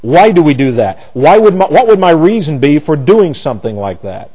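A man's voice: on the high side, very animated, moderate pace, warm tone, slightly rough, low-quality recording. A man teaching a conversational Bible study class, asking rhetorical questions, restarting phrases and slipping into folksy asides.

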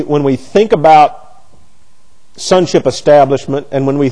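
A middle-aged man teaching a Bible class in a warm, mellow voice that sits a little high for a man. He talks in halting bursts, restarting and repeating words as he searches for the right phrasing.

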